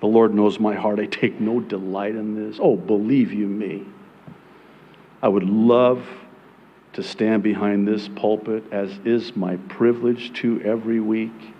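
A male pastor preaching about prophecy from the pulpit, sarcastic and animated, mocking his critics in put-on voices. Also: on the low side, measured pace, muffled recording, slight background noise. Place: church sanctuary.

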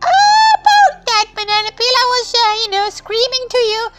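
A man voicing a fussy, excitable sidekick companion with a whiny, pleading way of talking. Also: very high-pitched, normal speed, over loud music, voice pushed up.

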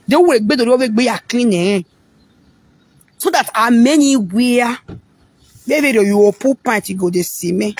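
Nigerian woman, husky voice, just chatting frankly, trips over words a lot, dry close sound. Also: fairly high pitch, lively intonation, unhurried, long pauses, a little mellow, no echo. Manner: frank, rambling, repeats words mid-sentence. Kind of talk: casual monologue.

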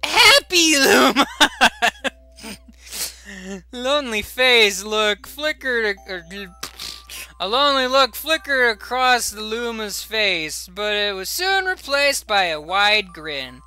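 Brief: male streamer, jokey asides, reads story text aloud, unhurried delivery, bright timbre. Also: sits high, expressive. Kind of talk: game stream commentary.

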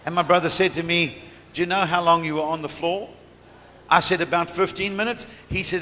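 A man's voice: sits high, quick pace, sharp tone. A middle-aged man preaching, telling a story from the pulpit and often laughing as he goes, recorded in a large church hall. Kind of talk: sermon testimony. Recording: reverberant church hall, faint room noise.

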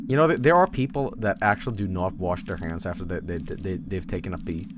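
A man's voice: deep voice, a little fast, background noise. A man from Sweden with a Swedish accent, casually rambling and swearing while commenting on a game stream.

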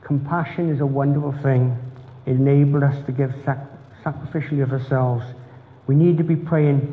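Man preaching in an echoey church. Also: fairly high pitch. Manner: earnest, repetitive, preacherly cadence. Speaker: pastor. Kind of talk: sermon. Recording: tinny phone-like sound in echoey church hall.

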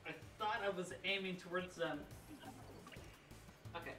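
A woman chatting with a friend while gaming together on stream, blunt and excitable and prone to swearing. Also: lowish voice, unhurried, pauses often, soft background music. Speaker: streamer co-player. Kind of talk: casual gaming chat. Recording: roomy, distant voice-chat sound.

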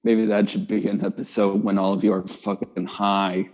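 Husky, dark-voiced man, hesitant. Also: fairly low pitch, level tone, normal speed. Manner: hesitant, lots of fillers. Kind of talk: casual chat. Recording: dull lo-fi audio.

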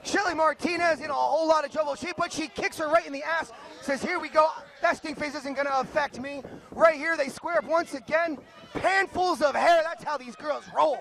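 A man's voice: extremely high pitch, a little fast, creaky, fairly bright tone. A man calling a wrestling match play by play, joking and teasing his partner. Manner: joking, laughs often, teases partner. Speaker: wrestling commentator. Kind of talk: play-by-play commentary.

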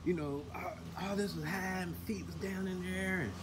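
A man from Georgia, telling a lively story outdoors about his lawn care work, often stumbling over repeated words. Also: high-pitched, moderate pace, heavy background noise. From Atlanta, Georgia. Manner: animated, stumbling repeats, acts out bits. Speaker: lawn care worker filming a vlog. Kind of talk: casual storytelling. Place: outdoors by a carport.

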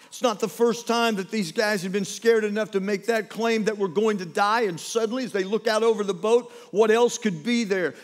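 A man preaching a sermon as pastor, retelling scripture with animated, dramatic storytelling that swings between hushed and loud. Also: sits high, big-room sound.

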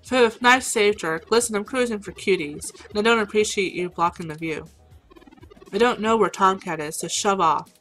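A woman's voice: mid-range voice, moderate pace, fairly bright tone, soft background music, natural voice, low-quality recording. A woman voicing a prickly, rude woman at a bar, talking in a snappy, dismissive way. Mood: annoyed.

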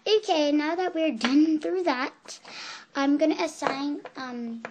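A child voicing a fussy female pet camp counselor in a toy role-play video, halting with ums. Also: high voice, slight background noise. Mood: bossy. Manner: fussy, calls campers honey, halting with ums.

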